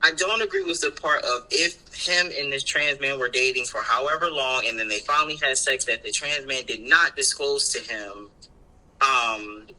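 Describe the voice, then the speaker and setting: A man's voice: medium pitch, pushed and bright, poor audio. A man co-hosting a podcast, talking in a rambling, emphatic way and swearing freely. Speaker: podcast co-host. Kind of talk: casual chat.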